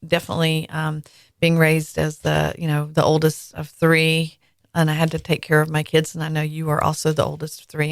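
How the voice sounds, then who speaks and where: A woman's voice: sits low, no echo, clean studio sound. A woman in her forties hosting a podcast, chatting candidly and telling personal stories with frequent fillers. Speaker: podcast host. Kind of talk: casual conversation.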